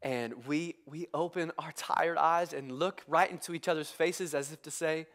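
A young man preaching a sermon in church, telling comic family stories with lively call-outs to the congregation. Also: fairly high pitch, moderate pace. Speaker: pastor. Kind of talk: humorous sermon. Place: church service with live congregation.

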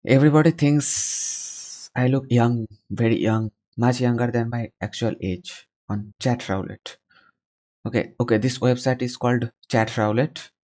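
A man's voice: mid-range voice, steady tone, unhurried, dark tone. A man in his twenties chatting with strangers on a video call and adding chatty commentary, asking blunt questions. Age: 20s. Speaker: video chat host. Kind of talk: casual chat and voice-over commentary.

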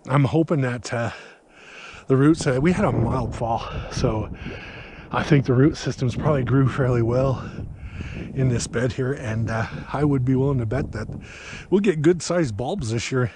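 A man's voice: mid-range voice, noisy background. Middle-aged man, casual garden vlogger, rambling, slightly winded, outdoor camera mic, faint clicks. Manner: rambling, chatty, many fillers. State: out of breath. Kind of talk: casual walking vlog.

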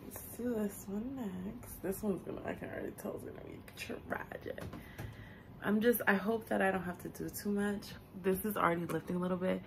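A woman's voice: medium pitch, fairly even intonation, a little fast, creaky, noisy background. A young woman casually chatting to her viewers while doing her makeup and hair, swearing freely. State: has the hiccups. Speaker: beauty vlogger. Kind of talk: casual get-ready-with-me chat.

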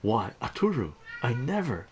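A man's voice: medium pitch, wildly swooping pitch, normal speed, slight background noise, voice pushed up. Sweet coy alien girl, as a man reads her. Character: lovestruck young alien woman, sweet and coy.

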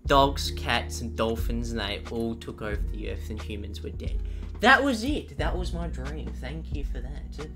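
A man's voice: mid-range voice, animated, a little slow, music in the background. A young man streaming a game, just woken up, chatting in a groggy, sweary way and laughing easily. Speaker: livestreamer. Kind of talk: casual gaming stream chat.

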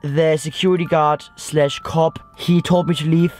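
A young man vlogging from a car at night, rambling through an excited story full of "like" and "guys". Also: on the high side, normal speed, faint music behind. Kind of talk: excited vlog recap to camera.

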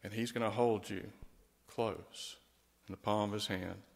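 A man's voice: lowish voice, unhurried, vocal fry, in a large hall. A man speaking as a pastor, giving a tender funeral eulogy and prayer. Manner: gentle and tender, rising to lively storytelling.

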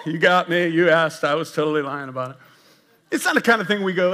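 This older executive pastor talks fast in a slightly high voice as he delivers a casual sermon to his congregation in the sanctuary. The tone is conversational, joking, and self-mocking, with animated asides to the people listening.

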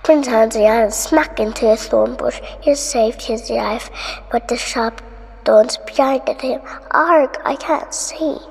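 A woman from Indonesia reading a bedtime fairy tale aloud, slow and careful, with small restarts. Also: fairly high pitch, fairly even intonation, creaky, warm tone, slightly rough, in a large hall, poor audio. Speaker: storyteller. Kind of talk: bedtime story read-aloud.

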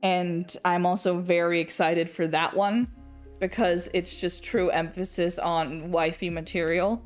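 A woman's voice: on the low side, flat delivery, measured pace, soft background music. A young woman with an English accent chatting casually on an art stream as she draws, rambling, restarting her sentences, laughing often and swearing now and then. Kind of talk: casual chat while drawing.

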